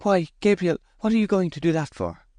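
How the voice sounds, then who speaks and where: A man's voice: on the low side, lively intonation, moderate pace, warm tone, dry recording, close to an everyday voice. Man voicing a proud grieving young farm mistress. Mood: dismayed. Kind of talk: audiobook character voice.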